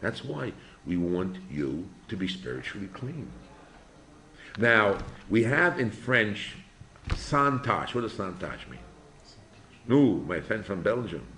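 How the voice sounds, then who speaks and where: An older man, a rabbi teaching a yeshiva class in an informal lecture, asking his students animated rhetorical questions. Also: on the low side, slow pace, a little hiss or hum.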